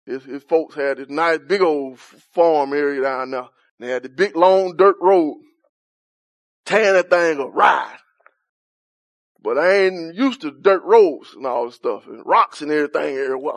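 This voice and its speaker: Here the high-voiced man preaches a Bible study at normal speed, his voice showing vocal fry. His colloquial, conversational sermon leans on repetition and drifts into personal anecdotes, captured in a close, dry recording.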